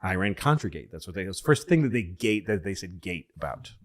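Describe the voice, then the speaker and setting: A man hosting a podcast, casually telling a long story and acting out the people he quotes in excited, higher voices. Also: fast. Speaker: podcast host.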